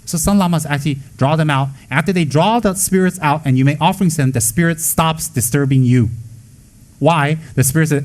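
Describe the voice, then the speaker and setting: A man's voice: a little high, brisk. A man teaching as a Buddhist lama in an informal talk, emphatic and blunt, mixing jokes with rhetorical questions.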